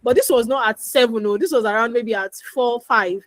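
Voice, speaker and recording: A woman's voice: a little high, fairly quick, dry recording. A woman coaching parents in a chatty talk full of stories, repeating her advice and acting out little dialogues. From Nigeria. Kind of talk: instructional talk with anecdotes.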